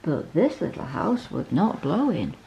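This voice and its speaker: Low, gravelly bedtime storyteller woman. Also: very animated, a little slow, dull audio, a little hiss or hum. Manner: gentle, asks the child to look at pictures.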